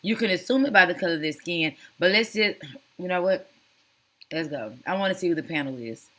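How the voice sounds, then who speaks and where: A woman's voice: fairly low pitch, animated, fairly quick, sharp tone. A woman hosting a casual reaction commentary, chatty and sassy, calling viewers honey and girl. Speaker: commentary channel host.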